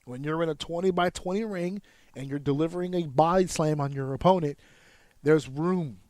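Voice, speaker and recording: A man hosts a podcast in a casual, profane monologue, his voice sitting a bit high for a man. He counts out rhythms with clipped sound effects to make a point. The recording is dry, with no room sound. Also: moderate pace, darkish tone, no echo. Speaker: podcast host and wrestler.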